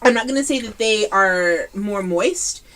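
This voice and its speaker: A woman's voice: medium pitch, a little slow, fairly bright tone. A woman co-hosting a casual snack-tasting chat, hesitant and chatty with frequent fillers. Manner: chatty, hesitant, lots of um and mm-hmm. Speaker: co-host.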